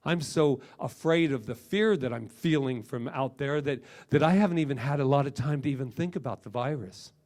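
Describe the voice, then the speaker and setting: A middle-aged man, a minister, giving an animated, emphatic sermon full of repetitions and asides. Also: mid-range voice, brisk, few pauses.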